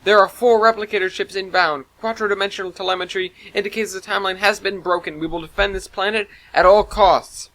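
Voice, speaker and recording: A man voicing a female starship AI who gives crisp, commanding announcements. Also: sits high, steady tone, a little fast, hardly any pauses, bright, forceful tone, pitched above the performer's own voice, rough recording.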